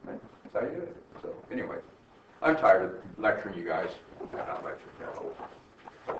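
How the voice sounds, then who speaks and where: A man's voice: sits low, sing-song, normal speed, pauses often. An older man, a college professor, giving a rambling, chatty classroom lecture and laughing at his own stories. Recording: echoey classroom from far off, dull and faintly noisy.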